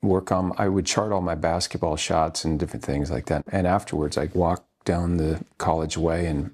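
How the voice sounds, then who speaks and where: Husky deep-voiced guy in his 50s, actor on an interview, earnest, pauses a lot. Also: fairly even intonation, darkish tone. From Washington State, USA. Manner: halting, earnest, with many pauses. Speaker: actor guest. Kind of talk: reflective interview storytelling.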